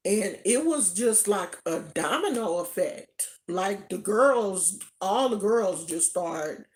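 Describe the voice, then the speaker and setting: Slow-talking animated woman telling a story. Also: mid-range voice. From Oakland, California. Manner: animated, laughs often, acts out quoted voices. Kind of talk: casual personal storytelling.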